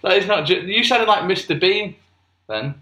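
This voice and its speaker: High, animated British man bantering. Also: normal speed, roomy sound. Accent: British English. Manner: jokey, bantering, breaks into put-on voices. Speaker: podcast co-host. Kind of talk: casual chat.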